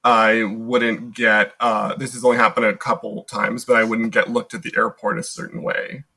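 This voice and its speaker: A man's voice: fairly low pitch, flat delivery, moderate pace, pushed and bright, husky, low-quality recording. A young American man in casual conversation as a podcast guest, talking in loose, rambling sentences full of "like" and restarts. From United States. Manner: chatty, lots of "like" fillers and restarts.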